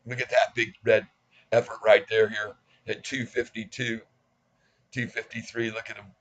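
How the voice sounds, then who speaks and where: A man's voice: on the low side, flat delivery, normal speed, a bit bright, low-quality recording. A man in his sixties giving casual stock market commentary in a folksy, cocky, self-mocking way. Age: 60s. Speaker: stock trading vlogger.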